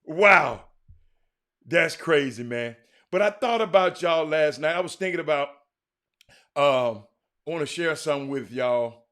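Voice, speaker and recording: Bright-voiced man hosting a livestream. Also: a little high, expressive, normal speed. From Houston, Texas. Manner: chatty, talks to viewers by name, frequent restarts. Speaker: livestream host. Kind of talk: casual livestream chat reading viewer comments.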